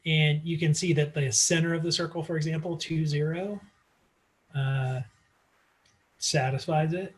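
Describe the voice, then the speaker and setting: A man's voice: fairly high pitch, steady tone, measured pace, pauses often. A man teaching math in a casual online lecture, working through problems aloud with frequent fillers, recorded on a computer mic. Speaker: math instructor.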